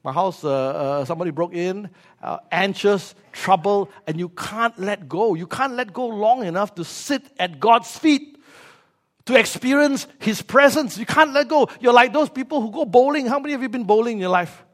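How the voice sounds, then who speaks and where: Man, preacher, high voice, animated, joking, sound effects. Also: normal speed. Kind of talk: sermon.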